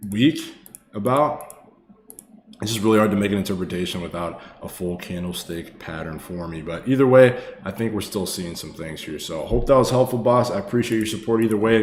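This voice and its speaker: A man's voice: fairly low pitch, a little hiss or hum. A man casually talking viewers through stock charts on a live stream, swearing freely and calling them brother and boss. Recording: echoey room with faint ambience.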